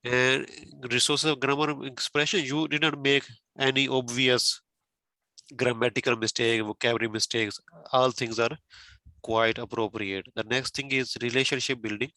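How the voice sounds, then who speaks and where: A man talks a learner through feedback on a practice speaking exam, patient and methodical, explaining point by point. His voice is bright and of middling pitch, and he fills the gaps with "okay" and "you know". The recording is dry and close. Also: level tone, moderate pace, no echo, rough recording. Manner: repeats "okay" and "you know" often, many fillers; patient, explains step by step with everyday examples. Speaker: tutor giving exam feedback.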